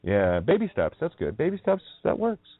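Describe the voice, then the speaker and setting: A man's voice: a little high, wildly swooping pitch, moderate pace, no room sound. Mocking man on tinny phone-like audio. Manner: mocking, profane, chuckling, sing-song wordplay. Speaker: radio show host. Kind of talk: rambling profane monologue.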